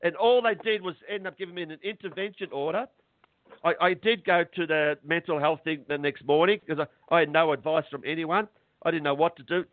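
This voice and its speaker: Middle-aged man, phone-in guest, fairly high voice, halting and agitated, dry tinny line. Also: dry recording. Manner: agitated, halting, repeats words. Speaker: interview guest. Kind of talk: phone interview.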